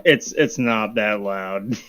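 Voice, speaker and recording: A man's voice: on the low side, takes it slowly, a bit bright, smooth. A man chatting casually before a tabletop game, rambling and swearing as he tells a story. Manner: rambling, swears, trails off laughing. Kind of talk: casual chat.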